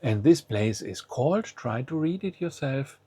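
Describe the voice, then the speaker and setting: A male language teacher explains a lesson patiently, step by step, pausing often to invite the listener to try each word aloud first. His mid-range voice is husky, slightly rough, warm and animated. The recording is dry and close, with no room around it.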